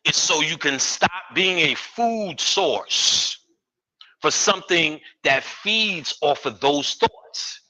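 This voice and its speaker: A man's voice: fairly high pitch, animated, slow pace, sharp tone, rough recording. A man giving a live lecture, profane and streetwise, full of joking asides.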